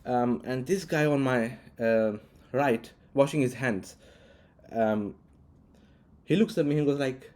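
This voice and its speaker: Guy rambling through a story to camera, mellow voice, lots of ums. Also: mid-range voice, takes it slowly. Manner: rambling, frequent restarts and fillers. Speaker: vlogger.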